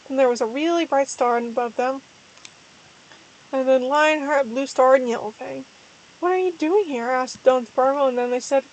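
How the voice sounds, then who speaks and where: A woman's voice: high-pitched, darkish tone, poor audio. A woman giving a casual, amused dramatic reading of a parody story, retelling it plainly with small stumbles along the way. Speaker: reader of a fan story.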